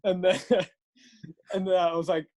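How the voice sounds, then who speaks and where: A man's voice: high-pitched, little pitch movement, slow pace, a little mellow. A young man casually telling a rambling story, swearing often and laughing along. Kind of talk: casual chat.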